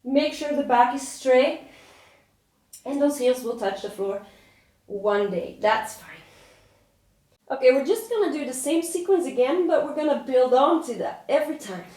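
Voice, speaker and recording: Breathless high-voiced woman yoga teacher. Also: lively intonation, normal speed, long pauses, a little mellow, echoey room. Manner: encouraging cues while doing the flow. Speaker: yoga instructor. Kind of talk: guided yoga class instruction.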